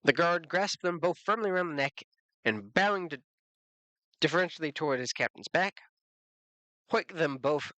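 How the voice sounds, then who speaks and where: A man's voice: mid-range voice, no room sound. Man reading a book aloud on stream. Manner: lively reading with small stumbles.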